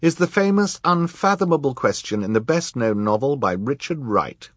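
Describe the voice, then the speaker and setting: A man's voice: mid-range voice, lively intonation, normal speed, a bit bright, husky, no echo, studio quality, pitched above the performer's own voice. A man voicing an earnest, riddling male librarian in a storybook reading.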